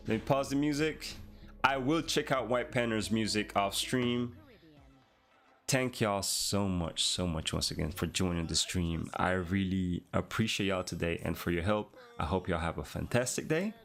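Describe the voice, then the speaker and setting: A man's voice: lowish voice, fairly bright tone. Male stream host, laid-back, thinks aloud with chat; faint music in the mix. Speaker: livestream host, programmer. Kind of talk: casual livestream chat.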